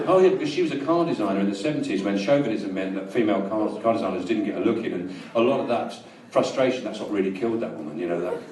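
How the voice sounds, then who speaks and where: A man with a London accent doing a rambling stand-up routine in a small live venue, telling absurd stories in a dry, deadpan way. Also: on the low side, fairly quick, a crowd in the background. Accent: London English. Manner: rambling deadpan storytelling, bursts into loud rants. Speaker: stand-up comedian. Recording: roomy live recording from a distance, audience laughter. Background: audience laughter.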